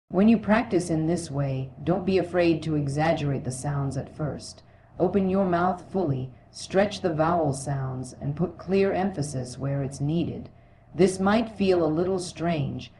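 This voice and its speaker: A woman giving a scripted language lesson in a steady, encouraging, instructive way. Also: a bass voice, a little hiss or hum. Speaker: English teacher. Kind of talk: scripted teaching narration.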